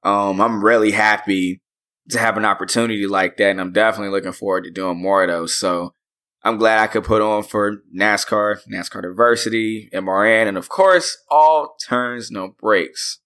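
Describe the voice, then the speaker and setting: A man's voice: lowish voice, fairly even intonation, normal speed, a bit bright. A man in his twenties co-hosting a podcast, casually talking about speaking on a panel. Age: 20s. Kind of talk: casual chat.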